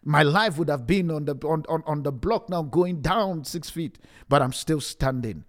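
At a moderate pace, a preacher with a fairly high-pitched voice streams an impassioned sermon. He begs his listeners, says things again and again, and trips over his words as he restarts.

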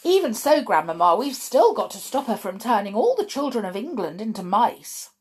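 An earnest, pleading little boy who has been turned into a mouse, as a woman reads him. His voice sits higher than hers, with a gravelly edge underneath, and his words come out urgent. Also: very animated, a little slow, heavily acted.

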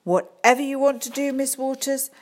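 A woman doing a booming, cheery head teacher. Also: very animated, unhurried. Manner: loud, jovial.

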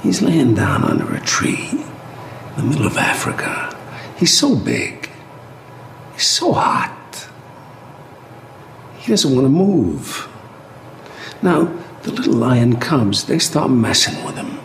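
A man giving documentary-style narration, slow, hushed and drawn-out. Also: medium pitch, sing-song, creaky. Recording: echoey room with faint noise.

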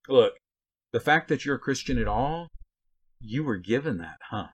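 A man's voice: mid-range voice, expressive, normal speed, slightly rough. A man giving a conversational Bible teaching, blunt and folksy, full of rhetorical questions and asides.

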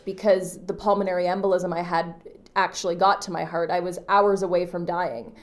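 A woman in her thirties hosting a podcast, talking earnestly and from the heart about a personal experience, often pausing on "you know" and restarting her sentences. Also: lowish voice, steady tone. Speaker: podcast host. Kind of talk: personal reflective monologue.

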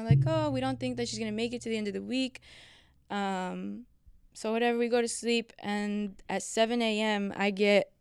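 A woman's voice: mid-range voice, smooth, no echo, studio quality. A young woman casually and emotionally telling a personal story, swearing freely. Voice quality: emotional, profane, quick storytelling.

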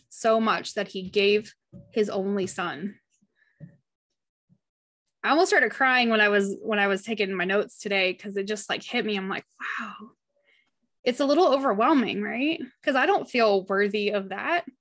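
A woman's voice: mid-range voice, a bit bright. Earnest woman leading a Bible study. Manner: earnest and heartfelt, chatty with frequent "like". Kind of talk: casual Bible study discussion, reading passages aloud.

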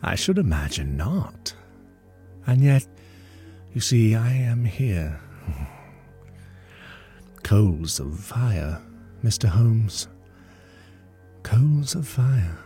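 A man doing a slow, smug, menacing scientist. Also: lowish voice, very animated, warm tone, faint music behind, pitched above the performer's own voice. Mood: gloating. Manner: slow, deliberate, pleasant on the surface. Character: smooth, self-satisfied man scientist, quietly menacing.

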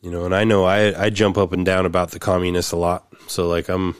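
Low-voiced dude rambling on a podcast, dry close sound. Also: male voice, flat delivery, brisk, smooth, no echo. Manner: rambling, filler-heavy. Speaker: podcast co-host. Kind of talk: casual chat.

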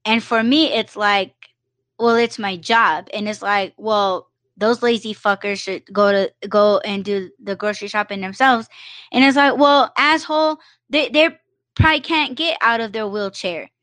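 A woman's voice: medium pitch, moderate pace, a bit bright, dry recording. A woman hosting a solo live podcast, talking bluntly with lots of swearing and fillers like "you know" and "like". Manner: blunt, profane, emphatic rant with many fillers. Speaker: podcast host.

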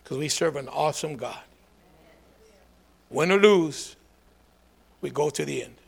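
A man preaching a lively call-and-response sermon, swinging from low asides to shouted calls for a response. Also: a little slow, creaky, slightly rough.

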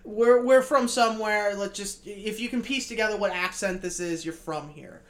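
Male podcast co-host with a high, girlish-sounding voice; rambling, self-mocking, foul-mouthed. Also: normal speed, fairly bright tone. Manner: rambling, self-deprecating, swears freely. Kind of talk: casual podcast chat.

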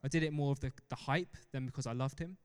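A young man delivers a sermon in a large church hall, his smooth, clear voice trailing into a long reverb. He talks in an animated way and breaks off for self-mocking laughs. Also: mid-range voice, quick pace. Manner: animated, laughs often, self-deprecating asides. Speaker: preacher.

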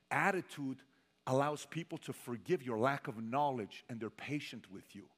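A sales trainer gives a motivational stage talk to a sales audience in a reverberant hall. His mid-range, slightly bright voice is animated and moves at normal speed as he tells stories and acts out the people in them.

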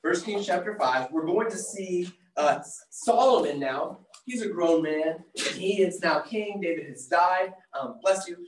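A preacher giving a sermon who reads scripture aloud and retells it in a casual, excitable way. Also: mid-range voice, measured pace. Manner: excitable, casual and animated, slips into voicing the characters. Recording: echoey room, mic far off.

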